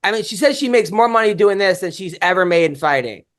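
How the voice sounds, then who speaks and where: This podcast host tells stories in loose, casual chat, swearing constantly, rambling and restarting often. His voice is high, a bit bright and animated, and he talks fast.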